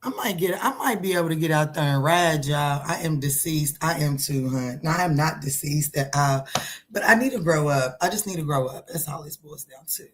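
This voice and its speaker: A middle-aged woman reading tarot on a livestream talks in a low, brisk voice, with a slight hiss or hum in the recording. Casual and playful, she laughs frequently and takes questions from viewers' comments.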